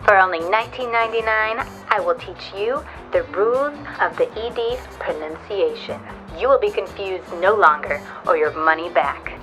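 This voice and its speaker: Woman doing a quick infomercial seller bit, pushy and salesy, light music under it. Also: a bit bright, natural voice. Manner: fast salesy pitch. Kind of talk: mock advertisement.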